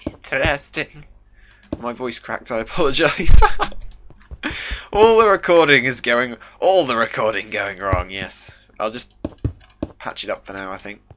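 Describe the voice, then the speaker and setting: A man's voice: mid-range voice, expressive, measured pace, lo-fi sound, noisy background. A young British man hosting a casual game commentary video, chatty and self-mocking, full of jokey asides. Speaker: gaming video host. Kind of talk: casual let's-play commentary.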